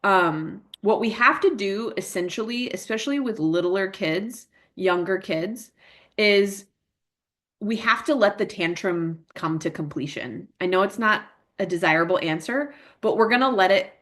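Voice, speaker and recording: A woman's voice: medium pitch, animated, measured pace, a bit bright. Chatty woman leading a parent workshop. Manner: chatty, many fillers and tag questions; acts out emotions in quoted examples. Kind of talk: casual talk answering parent questions.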